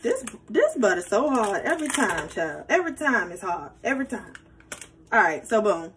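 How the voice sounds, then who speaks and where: A woman's voice: mid-range voice, huge pitch swings, moderate pace, fairly bright tone, slight background noise, rough recording. A woman hosting a casual cooking tutorial, chatty and playful, talking straight to her viewers. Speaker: cooking vlogger.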